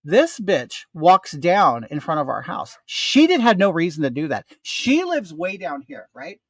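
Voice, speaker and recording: An older man talking straight to his viewers, his pitch swinging up and down as he rants through a profane story. His voice sits close and dry, with no room sound around it. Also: a little slow, dry recording. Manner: animated, profane, ranting. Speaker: storyteller addressing his audience. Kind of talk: casual storytelling.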